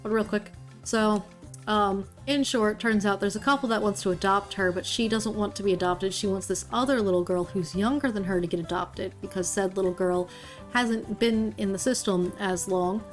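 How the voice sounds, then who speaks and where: Woman gaming streamer, chatty recap, lots of ums, mid pitch, faint music behind. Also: moderate pace. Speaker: game streamer. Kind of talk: casual let's-play commentary.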